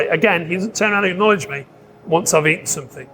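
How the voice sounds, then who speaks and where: A man telling a long story in a casual podcast chat, animated, laughing often and swearing, with many restarts. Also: sits high, quick pace. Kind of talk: casual anecdote.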